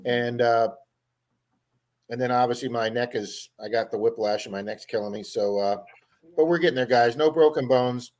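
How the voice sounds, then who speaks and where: Hosting a relaxed livestream, a man tells long, winding stories and keeps repeating words along the way. His voice is mid-range and darkish, his pace moderate, and the recording is rough.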